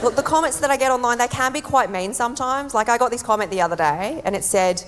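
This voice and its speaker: A woman with an Australian accent doing stand-up, deadpan with sudden high mock voices. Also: quick pace, few pauses, soft background music, some chatter behind. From born abroad, raised in Australia. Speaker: stand-up comedian. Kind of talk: stand-up comedy set. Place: comedy club stage. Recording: echoey venue with loud background noise.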